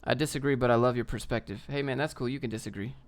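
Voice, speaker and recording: A man's voice: mid-range voice, fairly even intonation, rapid-fire. A young man hosting a casual livestream, ranting in a brash, slangy way and reading out viewer comments. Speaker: livestream host.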